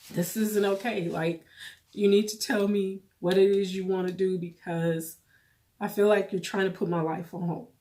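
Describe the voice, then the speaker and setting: A woman with a somewhat low voice talks straight to camera in a personal vlog. She is tearful and holds back crying, and her speech comes out halting, with phrases repeated as she works through the story. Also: warm tone. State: tearful, holding back tears. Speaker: vlogger.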